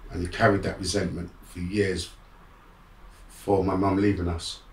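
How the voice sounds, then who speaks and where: Deep and moderately paced, this man's voice comes through reverberant, distant audio with slight background noise. He is a middle-aged guest and motivational speaker, candidly and streetwise telling his life story, animated in the moments he re-enacts.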